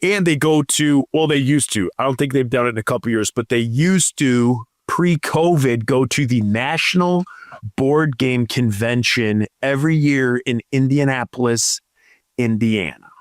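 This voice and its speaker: A man's voice: medium pitch, moderate pace, no echo. A man co-hosting a casual podcast, reading out listener profiles and adding dry comments. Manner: reads listener profiles aloud with dry asides. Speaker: podcast co-host.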